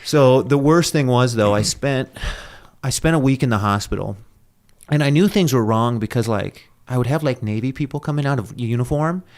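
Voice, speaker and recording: Medium-pitched and darkish in tone, this podcast guest speaks at a moderate pace. His conversational storytelling rambles along with fillers and false starts, and he keeps laughing at himself.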